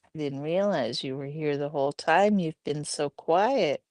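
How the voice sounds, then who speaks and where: Slow-talking woman livestream host. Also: low voice, darkish tone, no echo. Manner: chatty, talks to chat viewers and her pets by name. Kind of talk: casual chat reading viewer comments.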